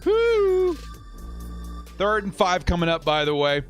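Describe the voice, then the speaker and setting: A man in his thirties hosting a live fan watch party, giving excited commentary on the game and reading viewer donations aloud, often shouting. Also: on the high side, brisk, soft background music.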